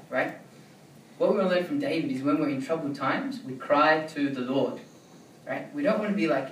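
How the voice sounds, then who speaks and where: A man delivers a sermon in a loose, chatty way, often asking his listeners "right?". His voice sits a little high. He is picked up from a distance in an echoey room. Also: normal speed, a little hiss or hum. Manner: conversational, keeps asking "right?". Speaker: preacher.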